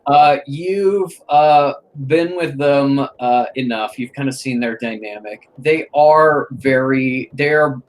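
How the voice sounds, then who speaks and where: A man narrating as game master of a tabletop game, slow and hesitant with many fillers. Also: mid-range voice, low-quality recording.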